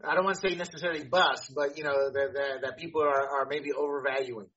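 A man's voice: medium pitch, steady tone, fast, a bit bright, slight background noise. A man co-hosting a casual sports podcast, chatty, who stammers and repeats his words. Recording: dull lo-fi sound.

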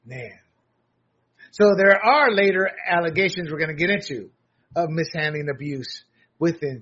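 A man's voice: on the high side, a bit bright, slightly rough, muffled recording. An American man giving blunt, sarcastic solo commentary, often restarting his sentences. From United States.

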